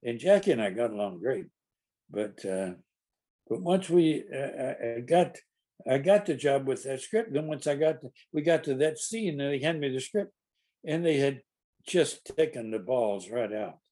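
Husky older man telling showbiz stories. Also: medium pitch, lively intonation, normal speed, dark tone. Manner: rambling with many restarts, acting out quoted lines. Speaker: actor guest. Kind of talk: anecdotal storytelling in conversation.

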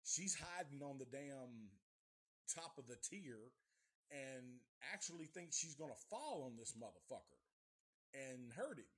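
A man's voice: medium pitch, very animated, a little slow, a bit bright, husky. A middle-aged man from the Nashville area, recapping a movie plot in a profane, rambling live review. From Nashville area, USA.

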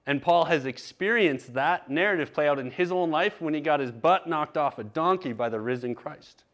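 A man's voice: fairly high pitch, normal speed, fairly bright tone. A man preaching a sermon, telling a candid personal story in a conversational way. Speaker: pastor.

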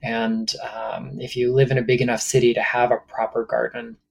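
A man's voice: mid-range voice, level tone, moderate pace, vocal fry. A man, an author guest on a podcast, explaining his subject in a thoughtful, easygoing way. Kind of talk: casual podcast interview.

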